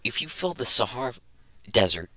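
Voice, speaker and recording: A man's voice: mid-range voice, sing-song, normal speed, pushed and bright, dry recording, poor audio. A young man hosting a casual podcast, rambling and thinking aloud as he goes. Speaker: podcast host.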